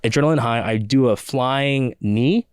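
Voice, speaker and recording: Laughing, animated male podcast guest. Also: mid-range voice, smooth, no echo, studio quality. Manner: animated, quick, laughs often. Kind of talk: casual storytelling chat.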